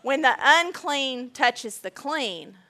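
Woman preacher, bright, higher voice, slow emphatic delivery that leans on repeated lines. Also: expressive. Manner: emphatic, repeats key phrases, slow and deliberate. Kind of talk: sermon.

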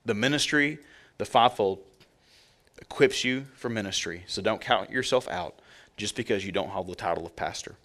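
A man's voice: lowish voice, moderate pace, fairly bright tone. A male pastor giving a sermon in a conversational, joking way, speaking directly to his congregation.

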